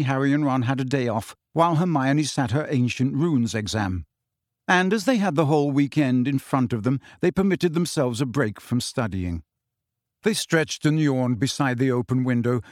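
A man reading audiobook narration in a measured, even storytelling manner, close to the mic. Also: medium pitch, no room sound. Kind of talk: scripted narration.

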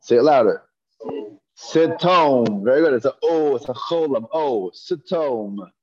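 A man's voice: medium pitch, brisk, dark tone. A man teaching a Hebrew reading class, patiently sounding out syllables for students to repeat and often restarting his phrases. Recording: dull lo-fi class recording.

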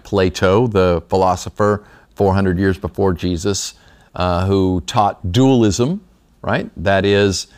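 Lower-voiced man teaching a Bible class. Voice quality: slight lisp from retainers. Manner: conversational, checks in with "right?". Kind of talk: Bible study lecture. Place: small room with a class.

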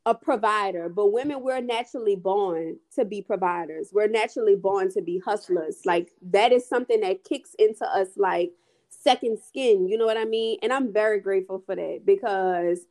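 A woman's voice: mid-range voice, moderate pace, a little mellow. A woman who runs a beauty brand, talking in a casual podcast conversation, emphatic and repetitive. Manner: emphatic, repeats herself, drawls phrases. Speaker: beauty brand owner, guest.

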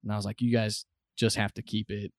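A man's voice: lowish voice, little pitch movement, brisk, no room sound. A young American man telling a story on a podcast, rambling and swearing, with many fillers, close to the mic. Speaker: podcast guest. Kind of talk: casual storytelling. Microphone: close studio mic.

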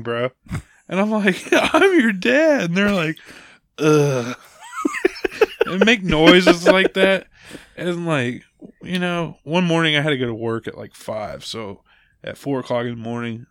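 A man's voice: mid-range voice, a bit bright, dry recording, studio quality. A man in his thirties in casual chat, telling funny stories about his kids and laughing often.

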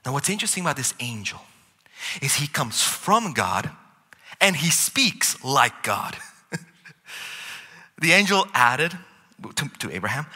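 A male pastor delivers a sermon in a very bright, forward voice. He is lively and playful, tossing in jokes and asides as he teaches. His voice carries a long reverb from a large church hall. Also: mid-range voice, measured pace, pauses often.

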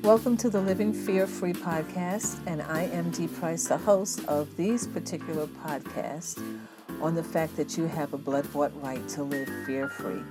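A woman hosting a devotional podcast, teaching in an earnest, steady way and reading scripture aloud. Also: low voice, a little slow, over loud music. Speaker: podcast host.

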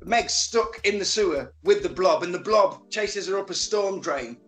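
A man casually recapping a film as a podcast co-host, animated and sweary, acting out characters' lines. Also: sits high, normal speed, roomy sound, faint music behind.

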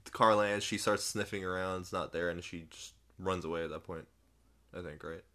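A man with a fairly low voice who walks through a movie plot in a relaxed, easygoing way, full of little fillers as he hunts for words. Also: brisk. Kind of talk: casual movie recap chat.

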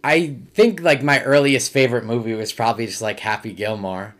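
A young man from Michigan chats on a comedy podcast, rambling loosely from one story to the next with "like" all through. His voice sits at an ordinary middle pitch, neither high nor low. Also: fairly even intonation, a little fast, fairly bright tone. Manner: loose, rambling, says "like" often. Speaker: guest comedian. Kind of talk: casual podcast chat.

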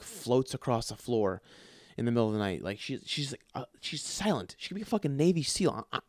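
A man hosting a solo comedy podcast, telling a crude, profanity-heavy story in an animated way. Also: mid-range voice, no echo, studio quality. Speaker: podcast host.

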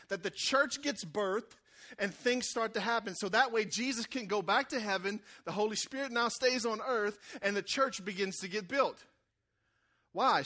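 A man delivers a sermon in an easy, conversational style. His voice sits high and bright, and he keeps calling out to the congregation for a response. He acts out the people in his stories as he goes. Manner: conversational, call-and-response preaching with acted-out quotes. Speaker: preacher.

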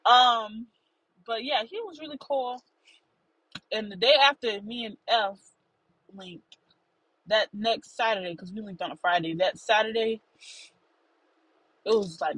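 A young woman talks to her listeners in a candid, rambling manner. Her voice has a husky, breathy edge, and her pitch sits in an ordinary middle range. Her stories come out casual and unfiltered. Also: fairly bright tone, poor audio. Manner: rambling, frank, drawling.

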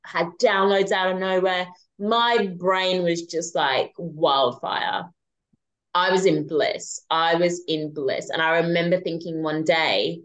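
Rich: A woman with a lowish voice talks through a personal story as a podcast guest. Her delivery is casual and animated, full of fillers and the odd swear word. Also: unhurried, poor audio.

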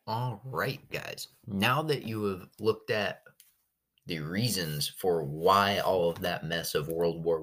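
A man's voice: sits low, sharp tone, slight background noise. A male history teacher recording a podcast lesson for his class, telling the story with energy and slipping into goofy voices for the countries.

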